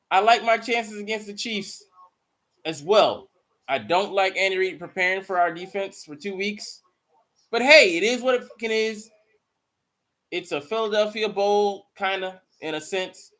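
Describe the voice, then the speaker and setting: A man hosting a live watch party, commenting casually and profanely on the game with excitable outbursts. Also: sits high, unhurried. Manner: profane, excitable, bursts into mocking shouts. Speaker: live stream host.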